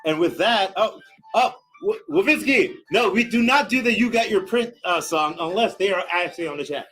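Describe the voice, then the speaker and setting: Male stream host, energetic hype talk, slightly high voice, faint music bed. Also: low-quality recording. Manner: energetic hype, fast filler-laden talk. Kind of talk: live stream hosting chat.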